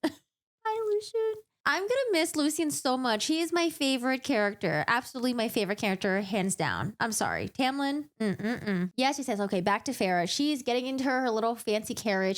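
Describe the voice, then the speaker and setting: A young woman in a casual book recap, chatty, animated and jokey. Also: on the high side. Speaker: book vlogger.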